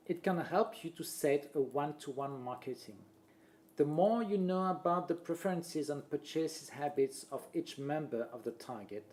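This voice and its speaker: A man, a presenter reading a marketing talk aloud in a steady voice and listing points one after another. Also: fairly high pitch. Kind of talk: read-aloud presentation voice-over.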